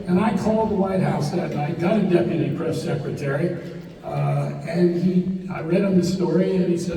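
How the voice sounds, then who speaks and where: A man's voice: on the high side, normal speed, mellow, recorded from a distance, slight background noise. An older man, a journalist, recounting a detailed story with quoted dialogue at a live public talk. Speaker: journalist and panel speaker. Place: event hall with audience. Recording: echoey hall recording from afar.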